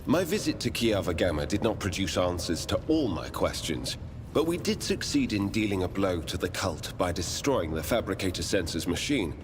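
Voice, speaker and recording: A man voicing a stern, rigid male Inquisitor in a video game who speaks in a formal, measured, solemn way. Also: sing-song, noisy background. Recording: game audio with reverb and rumbling background.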